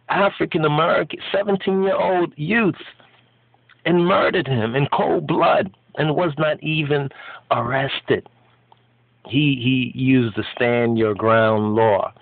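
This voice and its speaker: A man's voice: mid-range voice, dry recording. Preachy man on a tinny line. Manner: emphatic, preachy, repeats and restarts phrases. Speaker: commentator. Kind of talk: impassioned spoken commentary on an article. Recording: tinny phone-like dry sound.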